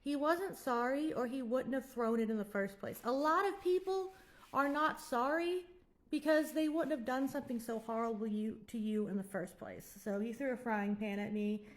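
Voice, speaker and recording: A woman's voice: on the high side, moderate pace. A woman in her twenties telling her own story frankly and giving blunt advice, rambling at times. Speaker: vlogger. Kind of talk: candid personal storytelling with advice.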